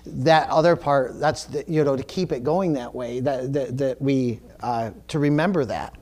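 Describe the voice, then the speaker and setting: A man's voice: medium pitch, moderate pace, darkish tone. A male pastor preaching a sermon, telling a personal story in a candid, self-deprecating way. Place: church service.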